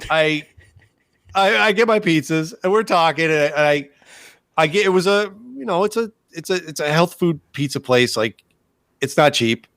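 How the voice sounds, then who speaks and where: Male podcast co-host, lively, swooping delivery, swears a lot, does voices, dry close sound. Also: fairly high pitch, normal speed, no echo. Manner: animated, profane, acts out voices in quotes. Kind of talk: casual storytelling chat.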